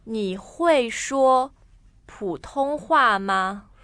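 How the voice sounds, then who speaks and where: A woman co-hosting a language lesson, speaking phrases slowly and clearly for learners to repeat. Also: on the high side, lively intonation, fairly bright tone, dry recording. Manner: slow, carefully spoken model phrases. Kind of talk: modeling phrases and explaining.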